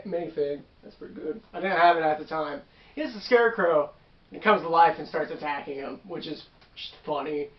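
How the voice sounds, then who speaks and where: A man's voice: on the high side, roomy sound, dull audio. A man casually recounting a tabletop game session as its game master, rambling with asides and self-corrections. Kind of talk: casual storytelling.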